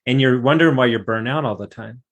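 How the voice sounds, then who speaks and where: A man's voice: medium pitch, fast, muffled recording. A man hosting a casual podcast, talking eagerly in a slangy, storytelling way. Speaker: podcast host.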